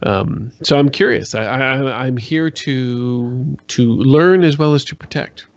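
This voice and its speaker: A man playing a courteous young male bard in a tabletop game, speaking in halting, earnest phrases. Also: mid-range voice, no room sound, close to an everyday voice. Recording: dry dull lo-fi mic.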